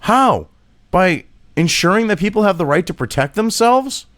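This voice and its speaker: A man rants through sarcastic, profane commentary, reading an article aloud and picking it apart. His pitch swings widely and sits a little high for a man. The recording is dry and close. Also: big pitch swings, normal speed, fairly bright tone, no echo. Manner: reads an article aloud and rebuts it. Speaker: political commentator. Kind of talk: ranting commentary vlog.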